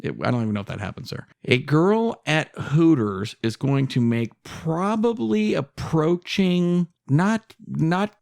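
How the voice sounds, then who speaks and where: A man's voice: a little high, lively intonation, measured pace, gravelly, hardly any pauses, darkish tone. A man in his forties co-hosting a podcast, talking bluntly and profanely as he argues his point. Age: 40s. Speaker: podcast co-host. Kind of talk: casual chat.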